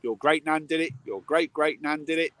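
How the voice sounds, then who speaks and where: A man's voice: a little high, moderate pace, fairly bright tone, no room sound. A man, a medium, telling a funny family story in casual chat on a live video call. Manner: chatty, laughs at his own stories. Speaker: medium, co-host.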